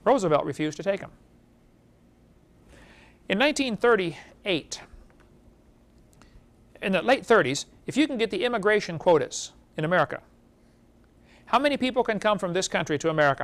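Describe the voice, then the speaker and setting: A man with a fairly high voice delivers a lecture to a live audience. He keeps things animated, often turning to the listeners with rhetorical questions. His pitch sits toward the top of the male range. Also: fairly quick, pauses often. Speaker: creation seminar speaker.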